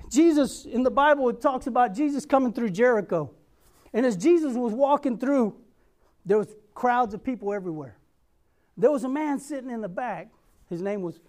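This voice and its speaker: Brief: male preacher, high voice, sermon that tells a story and presses a repeated question. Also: darkish tone. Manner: repeats a rhetorical refrain and calls for amens; tells a Bible story with acted-out quotes.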